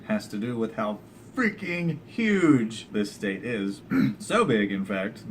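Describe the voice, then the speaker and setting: A young man from Texas rambles to camera in a casual vlog, with a voice that sits a bit low. He drifts into jokey asides and corrects himself as he goes, over a faint bit of background noise. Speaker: vlogger.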